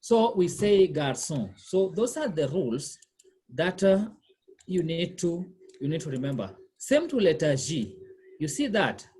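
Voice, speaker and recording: A woman tutors a learner one-on-one in a husky, slightly low voice. Her pitch moves a lot as she patiently repeats questions to the learner. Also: sing-song, a little slow, warm tone. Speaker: language tutor. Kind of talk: one-on-one lesson.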